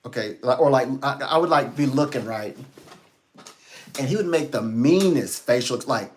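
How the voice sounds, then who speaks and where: A man's voice: mid-range voice, lively intonation, moderate pace, a little mellow, slight background noise. A man giving a rambling live-stream talk as a psychic reader, chatty, laughing often and quoting people in little voices.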